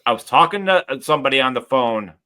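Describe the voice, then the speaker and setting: A man hosting a casual podcast, talking in a halting, reflective way with many restarts. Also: mid-range voice, expressive, bright, forceful tone, clear, resonant tone. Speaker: podcast host.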